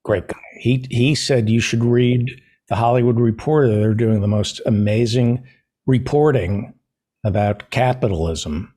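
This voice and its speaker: A man hosting a casual talk show, joking in a dry, self-deprecating, deadpan way. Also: mid-range voice, measured pace. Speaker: podcast host. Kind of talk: casual chat.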